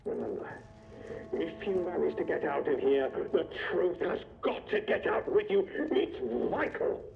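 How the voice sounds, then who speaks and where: An actor playing a wounded, urgent scientist in a video game, gravelly and pleading. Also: male voice, on the high side, expressive, unhurried, narrow, tinny audio, full character voice. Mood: solemn. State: injured, in pain.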